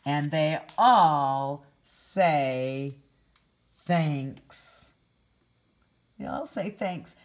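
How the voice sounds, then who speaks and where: Reading a picture book aloud to a group of young children, a woman preschool teacher speaks on the low side. She gently asks questions and explains words.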